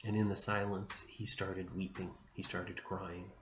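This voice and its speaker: A man teaching religion by retelling a saint's life gently and without hurry, with small restarts along the way. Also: low-pitched, level tone, unhurried. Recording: dull, echoey room recording with faint hum.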